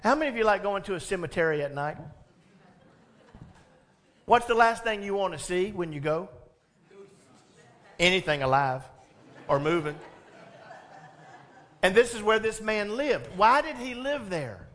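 A male pastor preaches a sermon, telling the story with animated energy while asking the congregation questions and laughing along. His voice sits high, and he speaks a little slowly with frequent pauses.

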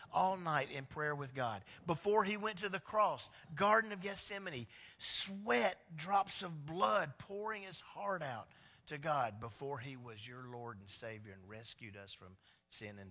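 A man's voice: fairly high pitch, pushed and bright, big-room sound. A male pastor preaching a sermon in an emphatic, conversational way, building points through repetition with frequent restarts.

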